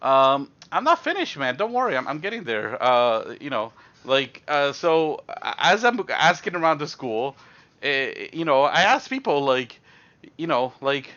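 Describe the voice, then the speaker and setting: Young man storyteller, bright tense voice, rambling and animated, dull stream mic. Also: a little high, measured pace. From Canada. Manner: rambling, animated, heavy fillers. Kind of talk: casual storytelling.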